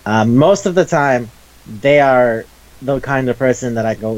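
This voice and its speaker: A man's voice: mid-range voice, a little slow, lo-fi sound. A man co-hosting a casual chat show about manga, enthusiastic and profane, rambling with restarts. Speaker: podcast co-host.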